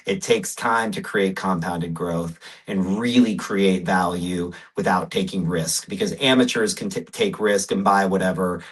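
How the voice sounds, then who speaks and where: A man speaking as a podcast guest, telling his story with emphasis in a relaxed interview. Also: deep voice, slightly rough, poor audio. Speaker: podcast guest, real estate investor. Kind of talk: casual interview talk.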